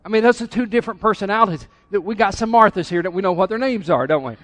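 A middle-aged pastor preaches in a church with a lively, conversational manner. He teases his listeners in a voice a bit higher than most men's. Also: fast. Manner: conversational, teasing the congregation. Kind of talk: sermon. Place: church sanctuary.

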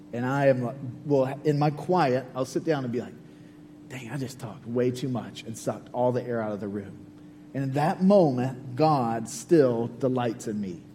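A man's voice: a little high, mellow. A man giving a sermon as a pastor, earnest and conversational, with repeated phrases. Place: church sanctuary. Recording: long hall reverb, faint hum.

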